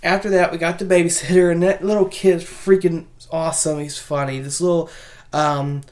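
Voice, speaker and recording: A woman's voice: on the low side, level tone, normal speed, darkish tone. A woman casually retelling a horror film's plot, rambling, with many restarts and asides. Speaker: movie reviewer. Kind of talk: casual spoken movie recap.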